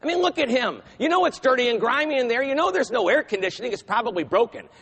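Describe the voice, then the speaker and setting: A man giving a keynote speech, telling a story in a dramatic, animated way. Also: very high voice, fast talker, creaky, big-room sound, a little hiss or hum. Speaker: keynote speaker.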